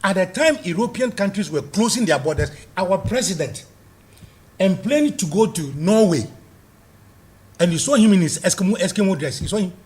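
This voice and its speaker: A man's voice: high-pitched, animated, normal speed, darkish tone. An angry man with a Ghanaian accent, a guest delivering heated political commentary and repeating points for emphasis.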